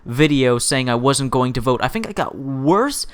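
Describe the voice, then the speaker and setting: A man's voice: medium pitch, lively intonation, normal speed, clean tone. Dude in his 20s ranting on his vlog, rambly and sarcastic, voice jumps up and down, dry no-echo sound. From Canada. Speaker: gaming YouTuber.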